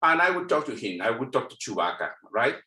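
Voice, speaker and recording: A man's voice: medium pitch, very animated, brisk, sharp tone. A middle-aged man from Mexico with a Mexican accent, speaking English as a second language. He is a guest telling stories animatedly, with many restarts and repeated words, over a video call. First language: Spanish. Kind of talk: casual storytelling interview. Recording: roomy echo.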